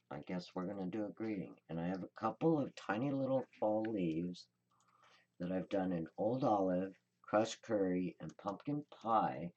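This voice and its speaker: A woman's voice: very deep voice, dark tone, muffled recording. A woman hosting a card-making tutorial, chatting casually and thinking aloud as she works. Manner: chatty, rambling, thinks aloud while working. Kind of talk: casual crafting demonstration.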